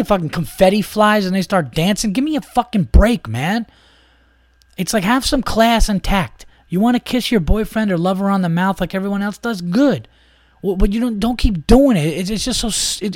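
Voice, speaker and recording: A man's voice: high-pitched, a little mellow, no room sound. Podcast guy ranting, swears a lot, trips over his words, dead dry sound. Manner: profane, exasperated ranting with many restarts. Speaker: podcast host. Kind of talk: casual podcast rant.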